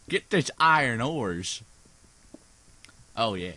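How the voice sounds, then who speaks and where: A man's voice: mid-range voice, very animated, takes it slowly, pauses often, bright, forceful tone. A sleepy young man rambling through let's play commentary, goofy and scattered, with silly asides. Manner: goofy, rambling, sings snippets and silly voices. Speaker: gaming YouTuber.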